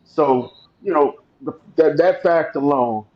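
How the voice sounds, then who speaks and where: Relaxed man on a dull lo-fi mic. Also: a little high, unhurried. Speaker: podcast co-host. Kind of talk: casual wrestling chat. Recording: slightly dull lo-fi sound.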